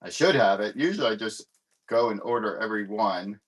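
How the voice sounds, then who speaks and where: A man's voice: lowish voice, lively intonation, brisk. A man hosting a live comic book sale, chatting casually and rambling with many fillers while he searches for stock. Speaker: live-stream comic seller.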